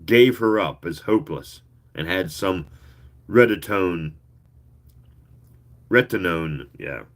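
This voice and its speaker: A man reading a story aloud in an expressive, leisurely way, with occasional asides. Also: low-pitched, unhurried. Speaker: reader.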